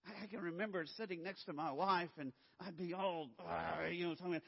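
A man preaching a sermon as pastor, swinging from hushed low lines to loud, urgent emphasis. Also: normal speed, vocal fry, hardly any pauses, slightly rough. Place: church sanctuary. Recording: dull lo-fi sound, long hall reverb.

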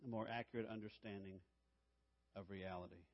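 A man's voice: fairly low pitch, steady tone, fairly quick, in a large hall, dull audio. A man preaching a sermon as pastor, emphatic, repeating key phrases and calling out to the congregation for responses.

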